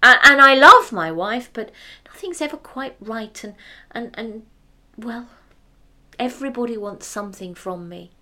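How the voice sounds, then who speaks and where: A woman's voice: on the high side, expressive, unhurried, pushed and bright, exaggerated voice. A woman voicing a timid, put-upon male hunter who rambles and stammers over his words. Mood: fretful.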